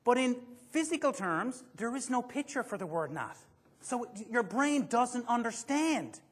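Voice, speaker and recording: A man's voice: extremely high pitch, big pitch swings, a little slow. A man giving a motivational seminar to a live audience, joking and quizzing the listeners as he goes. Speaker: motivational speaker.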